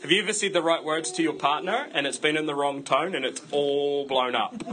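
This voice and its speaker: A man's voice: fairly high pitch, animated, a little slow, noisy background. A man preaching a sermon to his church in a conversational way, breaking it up with self-deprecating jokes. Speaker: pastor.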